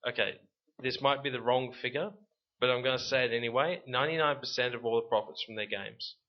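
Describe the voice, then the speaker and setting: A man's voice: medium pitch, fairly even intonation, brisk. An Australian man hosting a casual podcast chat, rambling and tripping over his words, recorded as slightly dull lo-fi audio. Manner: rambling, trips over words and laughs at himself. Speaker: podcast host.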